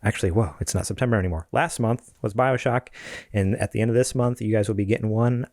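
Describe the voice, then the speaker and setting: A man with a fairly low voice chats on a gaming podcast, reading sponsor thanks and listener mail. He laughs a lot and trails off into fillers. The sound is close and dry, with no room around it. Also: fast, a little mellow, dry recording. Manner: laughs easily, rambling with fillers and self-corrections. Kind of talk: casual gaming podcast chat.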